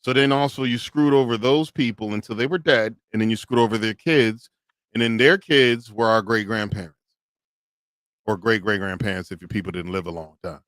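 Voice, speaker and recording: A man's voice: fairly low pitch, brisk, dry recording. Man arguing his point on a podcast. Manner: animated, argumentative storytelling. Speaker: podcast co-host. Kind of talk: casual reaction commentary.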